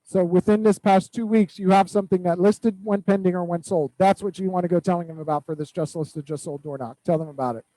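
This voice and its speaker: High-voiced man coaching his sales team. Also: quick pace, few pauses, no echo, low-quality recording. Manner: direct, repetitive instructions with animated storytelling. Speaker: real estate team coach. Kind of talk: weekly accountability meeting.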